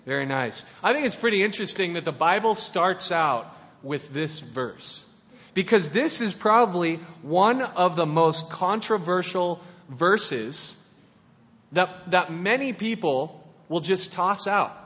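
High-voiced man preaching in a reverberant hall. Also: animated, a little slow, a bit bright. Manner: playful and conversational, with many restarts. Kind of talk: casual sermon. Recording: dull, lo-fi sound in a reverberant hall.

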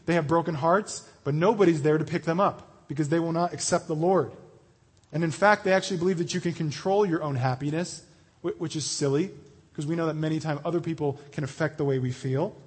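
A man preaching an earnest, animated sermon to a young crowd, acting out quoted voices as he goes. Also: on the high side, slightly rough, big-room sound.

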